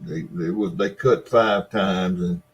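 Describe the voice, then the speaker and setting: A man's voice: low-pitched, steady tone, low-quality recording. A man telling rambling stories from experience in casual chat. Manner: slow, rambling storytelling.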